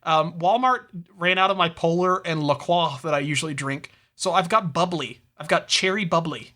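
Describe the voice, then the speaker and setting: A man's voice: fairly high pitch, moderate pace, bright, forceful tone. A man co-hosting a podcast, riffing crudely and animatedly in casual chat. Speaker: podcast co-host.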